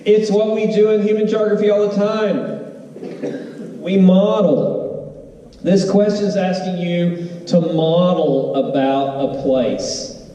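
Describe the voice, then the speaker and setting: A man teaching an exam review to a room of students, animated, with sing-song emphasis and questions thrown to the audience. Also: sits high, takes it slowly. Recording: roomy hall, voice from far off.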